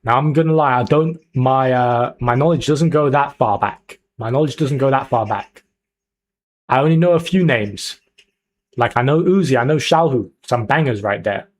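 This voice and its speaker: A young man hosts a casual livestream, talking straight to his chat in an excited, chatty way. His voice sits in a middle pitch, and he keeps the energy up as he riffs with viewers. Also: moderate pace. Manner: chatty, hyped, talks to chat. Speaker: streamer.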